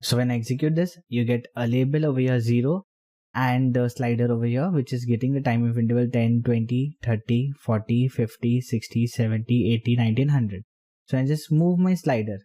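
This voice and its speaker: Man with a dark, mellow voice teaching code. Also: medium pitch, steady tone. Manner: talks while typing, halting phrases. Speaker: programming tutor. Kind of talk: screen-recorded coding tutorial.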